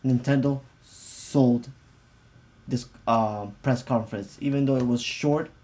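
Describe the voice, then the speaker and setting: A man's voice: mid-range voice, steady tone, slow, a little mellow. A man co-hosting a podcast in casual, loose and joking chat. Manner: loose and joking, with fillers and laughs. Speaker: podcast co-host.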